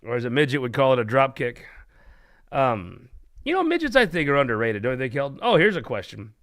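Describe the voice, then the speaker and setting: A man's voice: mid-range voice, huge pitch swings, a little fast, a bit bright. A man hosting a political talk show, telling jokes and chatting in a rambling, irreverent way. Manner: irreverent, rambling, laughs at his own jokes. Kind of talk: casual joke-telling chat.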